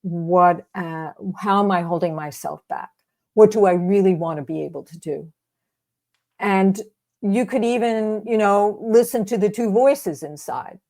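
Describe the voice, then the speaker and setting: A woman's voice: mid-range voice, a little slow, dark tone. A woman guest, a grief coach, explaining her methods in a reflective, casual interview. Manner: reflective, explaining with many fillers.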